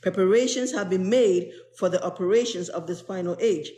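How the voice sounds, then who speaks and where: A woman's voice: medium pitch, warm tone. Earnest woman reading spiritual text, roomy. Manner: earnest, pauses to explain passages in plain words. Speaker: spiritual teacher reading to an online group. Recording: roomy echo.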